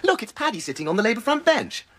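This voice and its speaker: A man's voice: very high voice, big pitch swings, fast, fairly bright tone, exaggerated voice. An actor playing a vain, scheming right-wing male Tory MP, with a plummy, arch drawl in sitcom style. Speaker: politician character. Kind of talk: sitcom acting.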